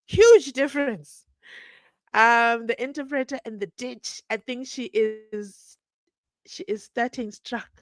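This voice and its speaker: Woman, casual livestream host, chatty, teasing, laughs a lot, mid pitch, dry close mic. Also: no echo. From South Africa. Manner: chatty, animated, laughs often, teasing asides. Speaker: true crime channel host. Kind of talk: casual livestream commentary reading chat.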